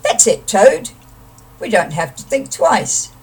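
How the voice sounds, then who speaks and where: A woman's voice: mid-range voice, big pitch swings, slow pace, husky, heavily acted. A woman voicing a boastful, bossy male captain bird in a storybook poem, talking in a pompous, self-important way, recorded from a distant mic. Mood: triumphant.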